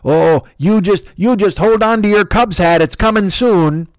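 A man's voice: high-pitched, no echo, studio quality, pitched above the performer's own voice. A man putting on a coy, teasing pizza-place voice. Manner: teasing, drawn-out, cryptic. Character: coy, evasive pizza restaurant social media voice.

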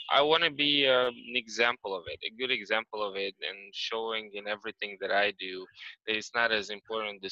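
A man's voice: on the low side, pushed and bright, no room sound. Man, thoughtful, dull dry lo-fi sound. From Moldova. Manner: thoughtful, searching for words. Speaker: panel guest. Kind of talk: reflective conversation.

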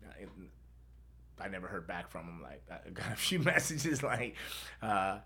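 A man's voice: on the low side, normal speed, vocal fry, pushed and bright, breathy edge. A middle-aged man hosting a podcast, telling a rambling story with laughs and acted-out voices. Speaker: podcast host. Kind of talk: casual storytelling.

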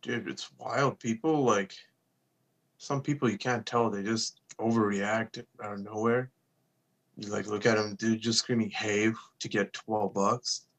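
This young podcast co-host has a lowish, slightly bright voice with a steady tone and a somewhat slow delivery. He tells stories in a laid-back, chatty way, swearing freely and acting out the quotes.

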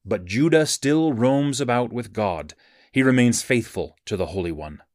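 A man reads scripture aloud in an even, measured cadence, with a middle-pitched voice. The recording is dry and close, with no room sound around him. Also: no echo. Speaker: scripture reader. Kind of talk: scripted Bible reading.

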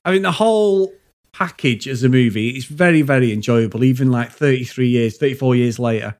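A man with a Manchester accent, co-hosting a film podcast in rambling, animated casual chat that drifts into side stories and swearing. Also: mid-range voice, brisk. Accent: Mancunian English. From England. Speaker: podcast co-host.

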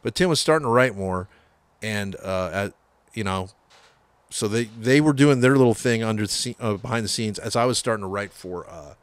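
A man from the San Francisco Bay Area tells a band story in a low voice, full of swearing and animated asides. He slips into the voices of the people he quotes. The sound is dry and close. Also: moderate pace, clean tone, dry recording. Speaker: metal guitarist guest. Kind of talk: casual storytelling interview.

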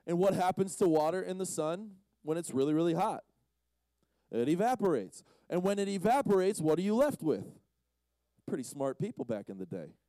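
A man's voice: high voice, sing-song, moderate pace, warm tone, dry recording. A man giving a casual, joking sermon to a young audience as a conference speaker, teasing the crowd as he goes. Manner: playful, teases the audience.

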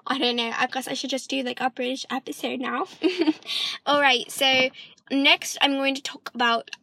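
A woman's voice: high-pitched, level tone, moderate pace, vocal fry, sharp tone, slight background noise. A young woman from Michigan chatting casually in a vlog, rambling with lots of ums and sometimes drifting into a British-sounding lilt. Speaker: vlogger.

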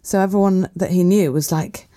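Mellow-voiced Welsh woman comedian. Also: lowish voice, normal speed. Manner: chatty, laughing storyteller. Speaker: comedian guest. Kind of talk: comic retelling of a myth. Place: podcast studio.

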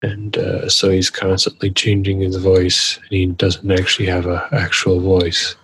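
A young man co-hosting a podcast, talking slowly and halting with a deadpan delivery. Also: deep voice, slight background noise, poor audio. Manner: slow and halting, many fillers, deadpan. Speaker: podcast co-host. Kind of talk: crude casual banter.

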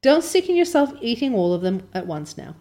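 A woman's voice: a little high, sing-song, brisk, warm tone. A woman reading aloud as a strict older spinster guardian who talks in a clipped, scolding way. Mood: stern.

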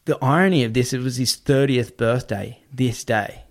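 A man telling a story in casual talk, animated and swearing, acting out what other people said. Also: medium pitch, normal speed.

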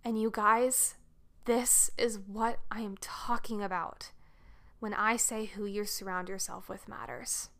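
A woman hosts her own podcast and talks straight to her listeners in an easy, earnest way. She tells a personal story at a chatty pace and fills it with frequent "like"s. Her voice sits in a comfortable middle pitch. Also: fairly even intonation, a little slow, vocal fry, pushed and bright. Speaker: podcast host.

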